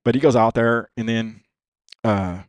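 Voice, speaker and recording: On a podcast, a male guest with a mid-range voice tells a long personal story at an unhurried pace. His talk is casual and profane, peppered with "dude" and "you know what I mean." The recording is dry.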